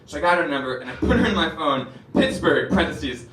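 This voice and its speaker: A young man doing a stand-up comedy set, telling animated stories with acted-out voices, from a club stage. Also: on the high side, fast, a little hiss or hum. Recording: roomy club, distant mic, crowd laughter.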